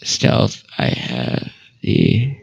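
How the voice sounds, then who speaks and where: A man's voice: lowish voice, big pitch swings, extremely slow, vocal fry, husky, dry recording, lo-fi sound. A man playing in a tabletop game, talking casually and swearing freely. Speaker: player.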